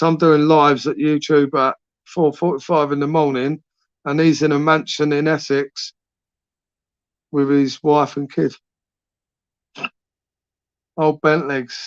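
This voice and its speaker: A man in his forties, talking a little high for a man as he hosts a late-night live stream. He rambles through chat messages with sweary, matey banter. The sound is dry and dull, like lo-fi stream audio. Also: no room sound. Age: 40s.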